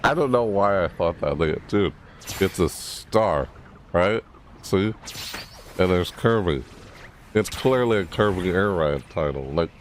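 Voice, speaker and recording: A young man giving live reaction commentary, rambling and excitable, often breaking into laughter. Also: low-pitched, slight background noise. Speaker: reaction streamer.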